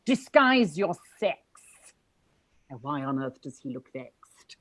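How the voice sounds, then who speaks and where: A woman reading a playful, punning young man in a live play reading, teasing in slow rhymed banter. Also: low-pitched, big pitch swings, no room sound, exaggerated voice. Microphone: video call.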